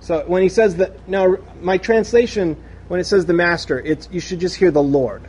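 A man's voice: high voice, normal speed, darkish tone, slightly rough. A man teaching a conversational scripture lesson, rereading passages aloud and explaining them in an emphatic, chatty way. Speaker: Bible study teacher.

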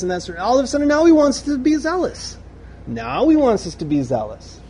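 A man with a high-pitched voice gives a relaxed scripture lesson, reading passages aloud and then unpacking them. He talks in a chatty, emphatic way, circling back to restate his point. Faint noise sits under the voice. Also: quick pace. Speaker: Bible study teacher.

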